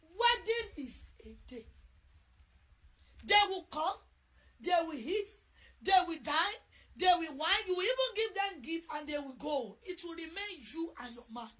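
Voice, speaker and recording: A middle-aged woman with a Nigerian accent preaching a sermon, repeating key phrases and shouting them for emphasis. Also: very high-pitched.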